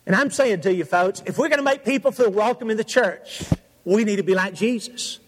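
High-voiced preacher in an echoing church. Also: male voice. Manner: rhythmic, repetitive preaching with dramatic pauses. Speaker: pastor. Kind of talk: sermon. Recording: long hall reverb.

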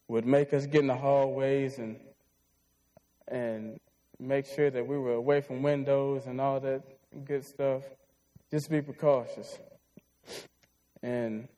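A man's voice: medium pitch, mellow, low-quality recording. A man in his twenties preaching a sermon, telling a heartfelt personal story in an earnest way. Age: 20s.

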